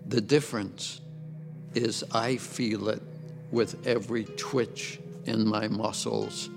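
An older man telling his personal testimony in a slow, reflective way over soft music. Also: on the low side, flat delivery, gravelly. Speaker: church member giving testimony. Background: soft instrumental music.

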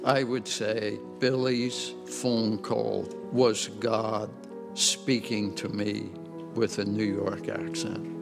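An older man telling his personal testimony in a slow, reflective way over soft music. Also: fairly low pitch, little pitch movement, vocal fry. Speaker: church member giving testimony. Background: soft instrumental music.

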